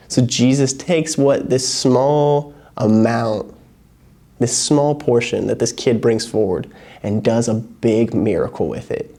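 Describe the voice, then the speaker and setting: A man's voice: medium pitch, takes it slowly. A young man preaching to a youth group in a casual, storytelling way, acting out the people in his stories. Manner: casual, animated storytelling with acted-out quotes. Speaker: youth pastor. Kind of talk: sermon.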